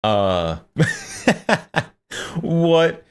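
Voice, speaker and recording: A man's voice: on the high side, wildly swooping pitch, very slow, clear, resonant tone. A man streaming live, reacting to a video and chatting jokingly with his viewers. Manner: joking, laughs often, talks to chat. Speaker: livestreamer. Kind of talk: casual reaction stream chat.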